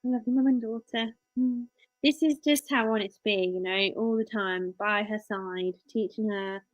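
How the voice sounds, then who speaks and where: An English-accented woman runs a casual live stream as a work-from-home mum, rambling in a friendly, chatty way to her viewers while also talking to her child. Her voice is medium-pitched and moderately paced. The audio is dull but has no echo.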